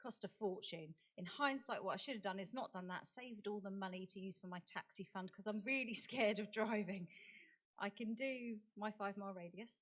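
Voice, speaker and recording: A woman's voice: medium pitch, a little fast, fairly bright tone. Self-deprecating English woman giving a chatty talk. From England. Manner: self-deprecating, chatty, with many fillers and restarts. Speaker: autism campaigner and speaker. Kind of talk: conversational talk at a forum. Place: lecture hall. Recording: dull lo-fi recording.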